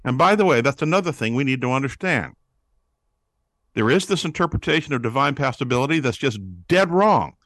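A man speaking as a guest on a talk show about prayer, explaining scripture in an animated preaching manner and acting out quoted voices. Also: mid-range voice, a little fast, dry recording. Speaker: guest, pastor-author on prayer. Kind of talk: teaching interview answer.

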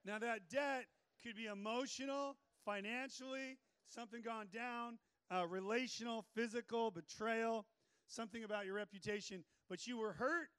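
A male pastor preaching a sermon in an energetic, joking way with playful asides. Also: extremely high pitch, normal speed, clean tone, no room sound.

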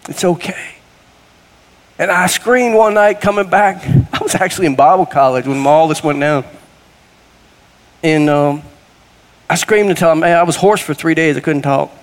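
A middle-aged man preaches in a folksy, conversational way, his fairly high voice rising now and then into bursts of fervor. He speaks in a church sanctuary, and the sound hangs in a long hall reverb. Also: fairly even intonation, normal speed, long pauses. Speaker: guest preacher. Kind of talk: sermon.

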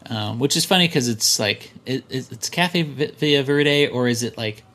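A man co-hosting a podcast in casual chat, relaxed and rambling. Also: medium pitch, normal speed. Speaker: podcast co-host.

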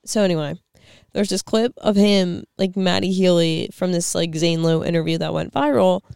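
A woman co-hosts a casual podcast, blunt and quick to swear. Her voice is smooth and resonant with a gravelly edge. The sound is dry and close, with faint music behind her. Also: fairly low pitch, darkish tone, dry recording. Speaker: podcast co-host. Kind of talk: casual chat.

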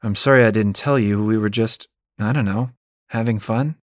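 A man's voice: lowish voice, fairly even intonation, normal speed, dry recording, clean studio sound, close to an everyday voice. A male audiobook narrator voicing a sheepish young married woman who mumbles apologetically.

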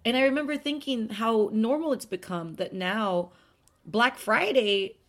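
A woman's voice: fairly high pitch, unhurried, fairly bright tone. A woman hosting a podcast, talking in a chatty, rambling, self-deprecating way. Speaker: podcast host. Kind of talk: casual chat monologue.

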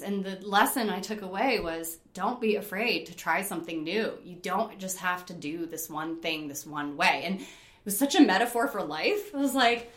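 A middle-aged woman from New York telling animated, laughing stories about climbing, acting out her own past panic. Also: on the low side, normal speed. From Rochester, New York. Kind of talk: casual storytelling. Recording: roomy echo.

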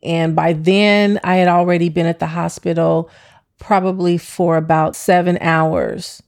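A woman recounting a personal story, acting out her own past words in lively quoted asides and swearing freely. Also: on the low side, measured pace, creaky. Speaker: interviewee recounting her childbirth.

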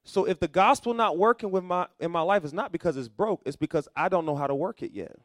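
Middle-aged male pastor, preaching sermon, fairly high voice, dry close sound. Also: quick pace, no echo. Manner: call-and-response preaching, building to loud emphatic peaks.

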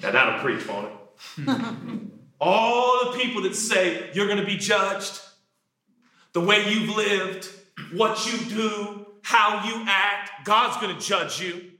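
A man preaching a sermon, animated, jumping from shouted lines to quiet asides. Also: sits high, takes it slowly. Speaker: pastor. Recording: echoey room.

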